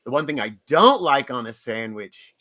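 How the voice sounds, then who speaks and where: Easygoing bright-voiced male guest. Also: mid-range voice, big pitch swings, normal speed, no echo. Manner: laughs often, rambling and easygoing. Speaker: voice actor guest. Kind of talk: casual podcast chat.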